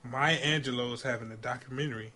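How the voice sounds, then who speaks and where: A man's voice: medium pitch, steady tone, quick pace, pushed and bright, a little hiss or hum. A man co-hosting a podcast, chatting casually with slang and some stumbling restarts. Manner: enthusiastic, slangy, trips over his words. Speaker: podcast co-host. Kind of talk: casual chat.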